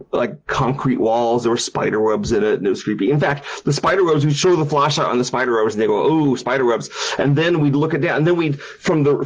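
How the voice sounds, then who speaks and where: Husky-voiced animated male storyteller. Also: mid-range voice. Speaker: game designer and streamer. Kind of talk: casual storytelling on a stream. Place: his house.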